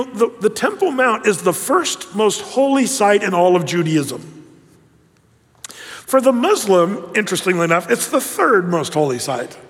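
A man preaches to a congregation and tells his stories with animated emphasis, acting out the quotes. His voice sits high. A long hall reverb trails behind him. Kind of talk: sermon-style storytelling to a congregation.

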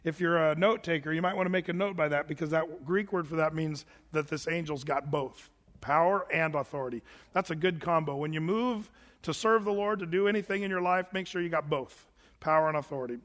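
A man's voice: fairly high pitch, a little fast, a bit bright, big-room sound. A man preaching a sermon to his congregation in a church sanctuary, talking casually with many restarts and fillers. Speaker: pastor.

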